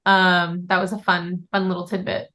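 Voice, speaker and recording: A woman co-hosting a wrestling podcast in casual chat, measured and hesitant, with many fillers. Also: on the low side, flat delivery, pushed and bright. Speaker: podcast co-host.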